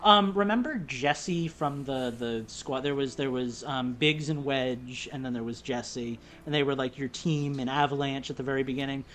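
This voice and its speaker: A woman chats on a casual podcast about games she has been playing. Her delivery is animated and rambling, packed with fillers, and her pitch swings up and down as she gets excited. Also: normal speed, few pauses, slight background noise. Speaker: podcast co-host.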